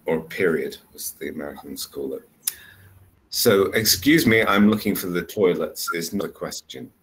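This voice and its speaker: A man's voice: sits low, lively intonation, normal speed. A man tutoring English one-on-one over a video call, patiently explaining step by step. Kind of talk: one-on-one online lesson.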